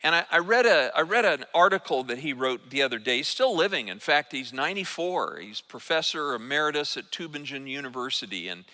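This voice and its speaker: An older man preaching a sermon as pastor, earnest and emphatic, with halting restarts. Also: fairly high pitch, very animated, bright, forceful tone, long reverb tail. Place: church sanctuary.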